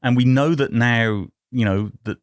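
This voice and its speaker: A man chatting casually as a podcast guest, relaxed and self-deprecating, often repeating words as he goes. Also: medium pitch, a little slow, clear, resonant tone, no echo, studio quality. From United Kingdom. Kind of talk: casual chat.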